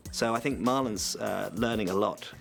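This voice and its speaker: A man, a visual effects supervisor, explaining the process in a measured, technical way in a behind-the-scenes interview. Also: on the low side, gravelly, music in the background.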